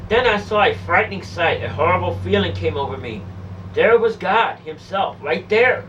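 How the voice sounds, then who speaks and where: A woman's voice: lowish voice, animated, moderate pace, a bit bright, far from the mic, highs cut off, slight background noise. A woman telling a first-person testimony of a near-death experience, pleading, emotional and repetitive.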